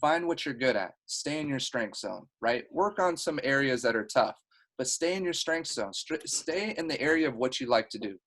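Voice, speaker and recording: Team-leader type, man, mid pitch, earnest and heartfelt, rambling motivational talk over a video call. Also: lively intonation, moderate pace, a bit bright, poor audio.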